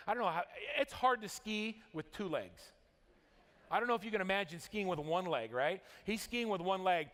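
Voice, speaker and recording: Upbeat guy from utah pumping up a convention crowd, higher voice, big hall echo. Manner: energetic storytelling, rising and dropping for drama. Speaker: motivational speaker. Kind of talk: convention keynote speech. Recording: long hall reverb.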